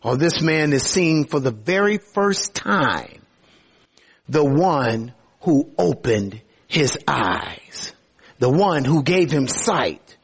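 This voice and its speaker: A man preaching a sermon, expressive, lifting his voice for emphasis and slowing down on quoted verses. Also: on the high side, gravelly, slightly rough.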